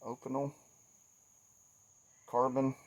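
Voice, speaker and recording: A man's voice: mid-range voice, level tone, slow pace. A middle-aged man with a Southern US accent talking casually and folksily outdoors by a wooded trail, sweaty and a bit shaky after yard work. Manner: folksy, chatty, self-deprecating. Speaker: outdoors vlogger. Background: insects and crickets.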